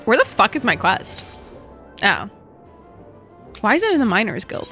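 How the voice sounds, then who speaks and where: Animated young woman streamer, bright and profane. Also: mid-range voice, measured pace, faint music behind. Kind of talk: casual live-stream chat while gaming.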